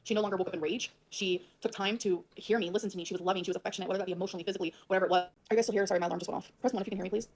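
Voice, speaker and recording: A woman on a livestream ranting fast and emphatically, swearing a lot as she tells her side of a fight. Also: fairly low pitch, fairly even intonation. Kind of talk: venting livestream rant. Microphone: livestream mic.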